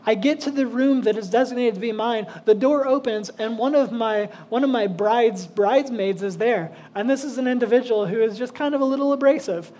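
A man's voice: extremely high pitch, brisk, hardly any pauses, darkish tone, a little hiss or hum. A man, a pastor, preaching casually and telling a self-deprecating personal story with many fillers.

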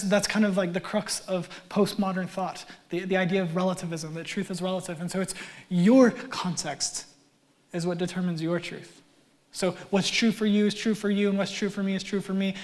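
A male pastor preaching a conversational sermon with wry asides, his voice swelling loud and then dropping nearly to a whisper. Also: high-pitched.

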